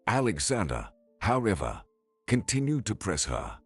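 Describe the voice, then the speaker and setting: A man narrating a scripted family drama story in a steady manner. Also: fairly low pitch, measured pace, husky, no room sound, faint music behind.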